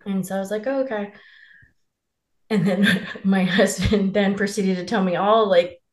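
A woman's voice: medium pitch, fairly even intonation, moderate pace, echoey room. A woman in casual podcast chat, rambling and filling with "like" as she acts out quoted dialogue. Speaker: podcast co-host telling her birth story.

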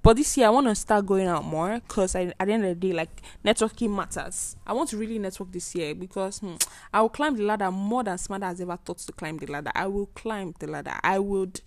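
Young Nigerian woman hosting her own podcast, mid-pitched, dry close sound, hammers her points home by repeating them. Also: brisk, dry recording. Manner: emphatic, repeats herself for force. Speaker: podcast host. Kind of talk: casual solo monologue.

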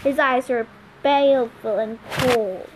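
A woman's voice: high-pitched, takes it slowly. A woman reading a novel aloud, carefully and unhurriedly, with slips and rereads. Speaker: amateur reader. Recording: noisy home recording with clicks.

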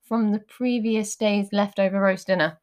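A Scouse woman chats away as a podcast co-host, telling stories with many fillers. Her voice sits at a middle pitch. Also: steady tone, normal speed. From Liverpool, England. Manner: chatty storyteller, rambling with fillers. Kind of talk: casual chat.

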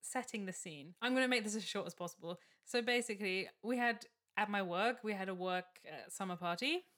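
A woman's voice: mid-range voice, fairly quick. A young woman, co-hosting a casual chat and telling a story with lots of laughs and acted-out quotes. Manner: animated, laughing storyteller who acts out quotes.

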